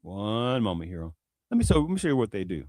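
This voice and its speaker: A man's voice: on the low side, big pitch swings, quick pace, a little mellow, no room sound. A man hosting his own show, talking in a casual commentary monologue and asking rhetorical questions like "right?" again and again. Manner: rhetorical, repeats "right?" and "do you understand that?". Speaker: show host.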